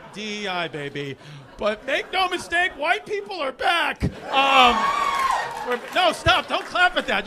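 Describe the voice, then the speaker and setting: High-voiced New comic on stage. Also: male voice. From New York. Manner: rambling, self-deprecating, teasing the crowd. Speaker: stand-up comedian. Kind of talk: live stand-up comedy. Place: comedy club stage. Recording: live club, loud audience and room noise.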